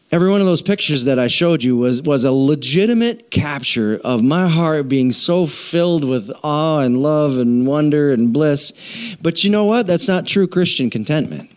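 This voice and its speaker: A middle-aged man, the pastor, preaching a sermon in an animated, self-deprecating storytelling way. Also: a little high, measured pace.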